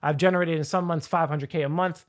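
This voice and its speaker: A man coaching viewers on finance in an energetic, rambling talk to camera, often repeating and restarting his phrases. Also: a little high, fast talker. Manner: energetic, rambling, hype-building. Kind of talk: hyped talk to camera with slides.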